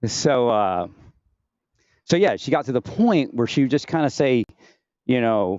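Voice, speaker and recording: A man's voice: mid-range voice, animated, normal speed, pauses often, a little mellow, no room sound, dull audio. A man rambling through a personal monologue into his own mic at home, distracted and restarting often. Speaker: vlogger. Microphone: home recording setup with phantom-powered mic.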